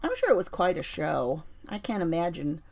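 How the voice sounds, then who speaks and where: Speaking at a moderate pace in a lowish, sing-song voice with some vocal fry, a Colorado woman makes a junk journal on a livestream. She chats casually as she works, sharing stories and welcoming viewers by name.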